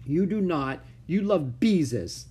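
A man reading aloud and voicing Ramona, an angry, defiant little schoolgirl who shouts and stamps her foot. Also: fairly high pitch, expressive, takes it slowly, slightly rough, voice pushed up, heavily acted. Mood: hurt.

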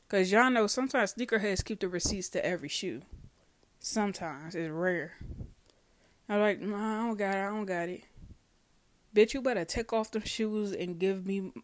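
A podcast host in a loose, casual monologue, full of swearing and quick acted-out exchanges. The talk wanders and stumbles, fixing words mid-thought, at a middling pitch. The recording is dry and close, with no room echo. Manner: profane, storytelling, acts out dialogue; rambling, self-correcting.

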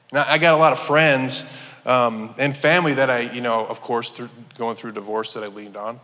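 A man sharing a personal testimony in a church, earnest and halting, with many restarts. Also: medium pitch, steady tone, bright, forceful tone. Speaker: church member giving testimony. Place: church sanctuary. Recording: long hall reverb.

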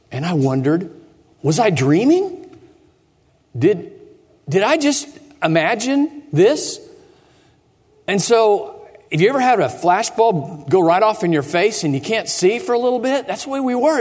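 High, lively-voiced man telling a story. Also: husky. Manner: theatrical, drops to hushed tones and asks the children questions. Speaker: pastor. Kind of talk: dramatic first-person storytelling for children. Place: church sanctuary. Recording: echoey church hall.

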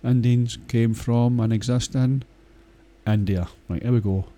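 Dark-voiced Scottish man rambling bluntly. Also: mid-range voice, steady tone, unhurried. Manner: blunt and crude, swears a lot, hesitant with many fillers. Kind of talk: casual rambling monologue.

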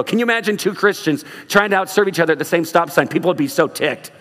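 A man's voice: on the high side, lively intonation, quick pace, hardly any pauses, a bit bright, long reverb tail. A male pastor preaching a sermon in a church, earnest with humorous asides, then leading a closing prayer. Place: church sanctuary.

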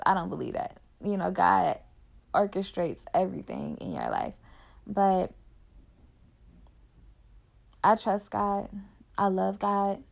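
A young woman podcaster with a creaky, medium-pitched voice reflects casually on her personal life. She speaks candidly and from the heart, saying "like" constantly.

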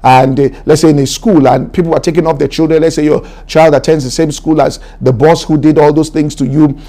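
A man preaching a sermon, exhorting his listeners in a repetitive, emphatic style that climbs higher as he builds. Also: steady tone, fairly quick, warm tone. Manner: preaching, rising to an emphatic raised pitch. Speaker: pastor.

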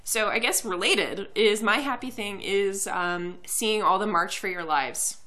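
A woman's voice: mid-range voice, a little slow, pushed and bright. A young woman co-hosting a podcast, a little tipsy, talking earnestly in casual chat with many fillers and restarts. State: tipsy from drinking. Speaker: podcast co-host.

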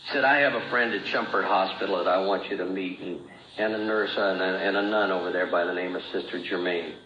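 At a recovery meeting, a man with a low voice and fairly even intonation tells his story a little fast and in plain language, acting out what was said to him. There's slight background noise on the roomy, dull old recording.

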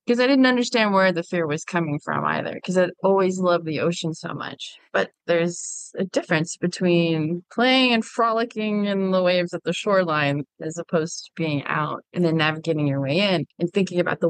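Woman interview guest from Hawaii, lively storyteller, lowish voice, dry sound. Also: normal speed, few pauses, no room sound, rough recording. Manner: lively, animated storyteller who acts out her past thoughts. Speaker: guest, freediving instructor.

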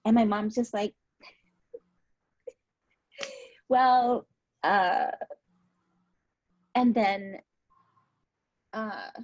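A woman talking openly and thoughtfully in a personal conversation, her voice mellow and husky. The sound is dry and a bit muffled, and she speaks with tears close to the surface. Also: mid-range voice, huge pitch swings, very slow, pauses often, no room sound. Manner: reflective, opens up about painful memories. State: tearful. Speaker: podcast guest.

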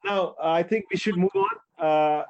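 A man with a high-pitched voice hosts a casual football discussion, steering the topics and putting questions to his guests. His audio sounds dull and lo-fi. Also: wildly swooping pitch, moderate pace. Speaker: podcast host.

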